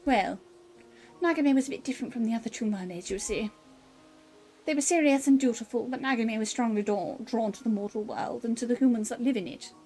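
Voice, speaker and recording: A posh, composed woman tells of old legends in a measured, polished voice, as a woman puts her on. The voice sits fairly high. Soft music plays faintly underneath. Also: natural voice, low-quality recording. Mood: knowing. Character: posh, composed female storyteller. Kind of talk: voicing game dialogue.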